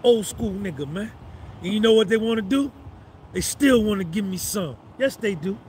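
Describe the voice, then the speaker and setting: Swaggering high-voiced man in his fifties. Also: lively intonation, moderate pace, darkish tone, slight background noise. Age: 50s. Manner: swaggering, repeats phrases for emphasis. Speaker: vlogger on a live stream. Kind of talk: boastful motivational monologue.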